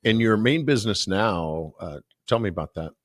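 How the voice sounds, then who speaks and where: A man's voice: fairly low pitch, moderate pace, no room sound, studio quality. A man hosting an interview, chatting casually and agreeably, sharing his own story and prompting his guest. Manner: relaxed, agreeable, brief backchannels. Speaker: podcast host.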